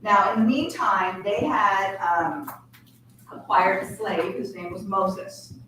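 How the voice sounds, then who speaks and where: A woman's voice: medium pitch, takes it slowly, fairly bright tone. Woman telling family history in echoey hall. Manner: chatty, asks the room questions. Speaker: family reunion presenter. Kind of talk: casual family history talk. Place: large room at a family reunion. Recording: echoey hall from far off with noise.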